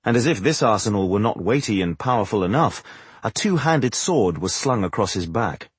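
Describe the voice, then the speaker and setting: A man reading fantasy narration for an audiobook in a measured, dramatic way. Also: lowish voice, expressive, husky, no room sound.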